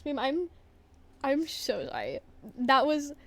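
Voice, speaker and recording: Flustered high-voiced young woman streamer. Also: big pitch swings, slow, slight background noise. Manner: flustered, apologetic, swings from hushed to loud. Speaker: livestreamer. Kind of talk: casual livestream chat.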